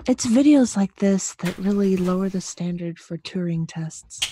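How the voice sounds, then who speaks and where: A woman on a livestream panel making wry, deadpan quips in casual chat. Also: mid-range voice, moderate pace, slight background noise.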